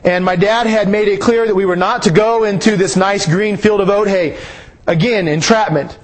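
A man preaching a sermon, slow and emphatic, his voice rising on key phrases. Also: sits high, fairly even intonation. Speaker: pastor.

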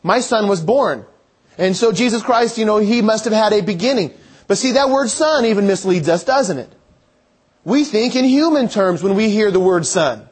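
Guy preaching, chatty and thinking out loud, kinda husky. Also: high-pitched, lively intonation, normal speed. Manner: conversational, thinking aloud, restarting phrases. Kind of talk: sermon.

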